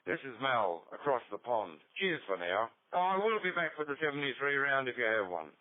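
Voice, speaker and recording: A man's voice: mid-range voice, sing-song, brisk, no room sound. An Australian man in his seventies chatting casually on a ham radio net, rambling through anecdotes with dry humor. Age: 70s. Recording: tinny dry radio transmission.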